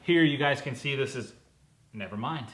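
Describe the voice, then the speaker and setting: A man's voice: mid-range voice, moderate pace, roomy sound, background noise. A man hosting a casual car parts unboxing vlog, talking in a chatty, upbeat way and correcting himself as he goes. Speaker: car channel host.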